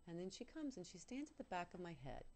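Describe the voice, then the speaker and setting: A woman's voice: lowish voice, sing-song, fast talker, darkish tone, slight background noise. A woman guest telling a personal story on a talk show, earnest and candid with self-mocking humor.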